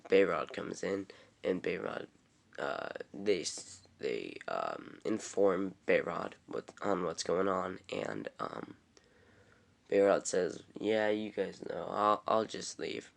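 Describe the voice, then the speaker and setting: A man's voice: sits low, expressive, takes it slowly, vocal fry. A young man casually recapping a TV episode, rambling and full of "um"s. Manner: rambling, filler-heavy, offhand. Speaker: TV episode reviewer.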